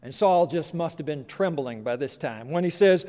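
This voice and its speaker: A man preaching a sermon, telling a story with lively delivery and acting out voices. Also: a little high, moderate pace, few pauses, in a large hall. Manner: animated storytelling, acts out voices.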